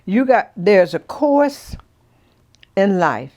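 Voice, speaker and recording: A woman, from Florida, telling personal stories in a folksy, gently preaching way. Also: mid-range voice, sing-song, slow pace. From Florida, USA. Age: 70s. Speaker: storyteller guest. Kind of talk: casual personal storytelling.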